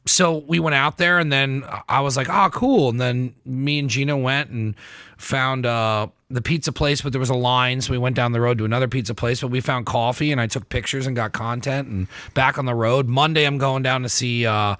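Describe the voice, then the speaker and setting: A man's voice: medium pitch, fairly even intonation, a bit bright, no room sound. A man hosting a casual podcast from a basement studio, chatting and laughing easily. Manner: laughs easily, quick back-channel yeahs. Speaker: podcast host. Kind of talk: casual chat.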